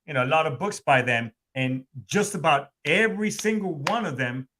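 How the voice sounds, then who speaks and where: Bright-voiced man chatting, rambling and profane. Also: fairly high pitch, expressive, normal speed, a little hiss or hum. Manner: rambling, profane, many restarts. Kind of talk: casual chat.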